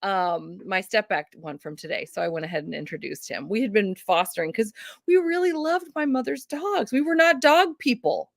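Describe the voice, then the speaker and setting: A woman's voice: medium pitch, moderate pace, vocal fry, dry recording, clean studio sound. A woman in her thirties hosting a casual video chat, telling stories with laughs and acted-out voices. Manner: animated storyteller, acts out voices with laughs. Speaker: host.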